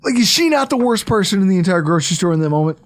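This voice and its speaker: A man, co-hosting a podcast in casual, profane, animated storytelling. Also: high-pitched, rapid-fire. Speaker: podcast co-host.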